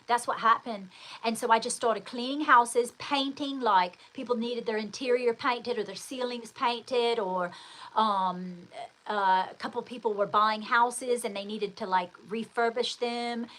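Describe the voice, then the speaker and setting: A woman's voice: fairly high pitch, steady tone, measured pace, a bit bright, poor audio. A middle-aged woman hosting her own show, telling a personal story in a rambling, emphatic way with many restarts. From United States. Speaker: host.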